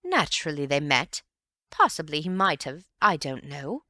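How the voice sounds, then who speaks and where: A woman's voice: sits low, sing-song, moderate pace, sharp tone, dry recording, studio quality, full character voice. A woman voicing a gossipy, self-important middle-aged mother in an audiobook, speaking emphatically. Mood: emphatic. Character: gushing, indignant middle-aged society mother. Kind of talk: audiobook character voice.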